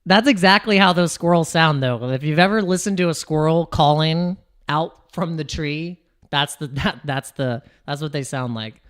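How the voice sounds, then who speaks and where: An American man rambling through casual livestream chat as a crypto streamer, with lots of restarts and quick jumps in pitch. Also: smooth. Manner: rambling, restarts, laughs, animated swings in pitch.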